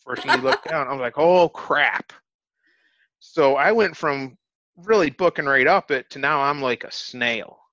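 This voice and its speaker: A man's voice: mid-range voice, moderate pace, pushed and bright, no echo. A man, an interview guest, telling a story in casual, earnest talk, often restarting his phrases. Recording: dull, dry lo-fi recording.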